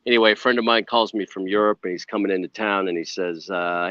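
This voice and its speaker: A man guest telling a long personal story in a casual interview, rambling and animated with many asides. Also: low-pitched, quick pace, few pauses, dry recording, lo-fi sound. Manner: rambling, animated, full of "you know" asides.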